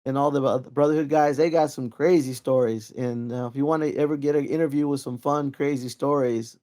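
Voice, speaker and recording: A man's voice: medium pitch, a little fast. A middle-aged man telling training stories in a casual, rambling way, full of fillers and restarts. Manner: rambling, lively anecdotes with many fillers. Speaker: interview guest, Kempo practitioner. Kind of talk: casual storytelling.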